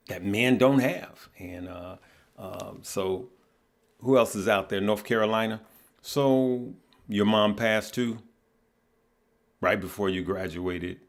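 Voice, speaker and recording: A middle-aged man hosting a livestream, talking earnestly and haltingly, often repeating words and answering viewers by name. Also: fairly low pitch. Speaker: livestream host. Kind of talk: casual heartfelt livestream talk.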